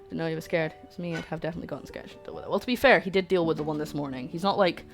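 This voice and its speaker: A woman's voice: low voice, racing, soft background music. A woman with a British accent hosting a live cooking stream, chatting casually and poking fun at herself while she cooks. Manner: chatty, self-mocking, talks to chat while cooking. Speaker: cooking livestream host.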